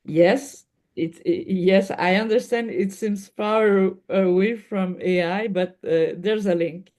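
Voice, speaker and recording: Slow-spoken woman with a Québécois French accent. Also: mid-range voice, darkish tone. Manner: hesitant, searching for words with restarts. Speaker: guest. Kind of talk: interview conversation.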